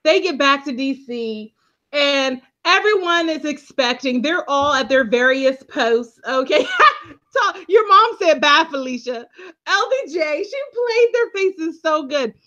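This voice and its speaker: A woman co-hosting a casual TV recap, talking emphatically and quickly. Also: high voice, expressive, pushed and bright. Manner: emphatic and quick, laughing often. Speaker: podcast co-host. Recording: dull lo-fi audio.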